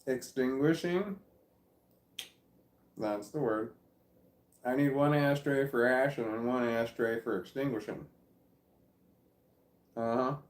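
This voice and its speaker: A man's voice: medium pitch, slow pace, long pauses, reverberant. A Midwestern American man vlogging in a rambling, self-deprecating monologue that keeps losing its thread. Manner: meandering, self-deprecating, loses his train of thought. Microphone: phone or camera nearby.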